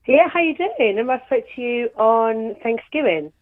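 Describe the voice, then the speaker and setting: A woman's voice: fairly high pitch, animated, moderate pace. A woman with a British accent calling into a show, chatty and friendly, speaking through a sore throat. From United Kingdom. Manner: chatty, friendly, laughing often. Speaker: caller. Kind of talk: phone call-in chat. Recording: tinny phone line.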